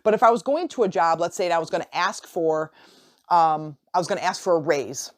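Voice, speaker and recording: Woman, lowish voice, casual motivational podcast talk, storytelling, repeats herself. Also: a little fast. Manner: storytelling, repeats and restarts phrases; animated, acts out imagined dialogue. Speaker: podcast host and life coach.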